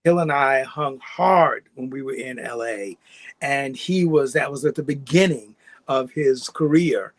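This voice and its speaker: A middle-aged man from New York, a guest actor telling his story in a relaxed, rambling way and laughing often. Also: mid-range voice, a little slow, no room sound. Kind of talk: casual interview storytelling.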